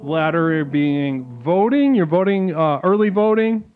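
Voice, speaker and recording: A man hosting a comedic call-in show, talking like a calm guru and then breaking into sudden crude outbursts. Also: on the high side, measured pace. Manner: mock-serene guru talk, abrupt crude outbursts. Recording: phone-like lo-fi sound with faint music.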